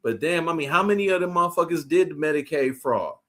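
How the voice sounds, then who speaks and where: A man's voice: a little high, animated, fast, a bit bright. Casual, slangy male co-host. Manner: casual, profane, street slang. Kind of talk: casual talk show chat.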